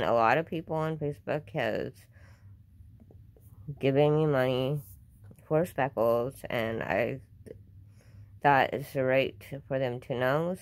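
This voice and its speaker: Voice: mid-range voice, smooth, dry recording. An upset vlogger talks casually to camera at home, defensive and repeating themselves.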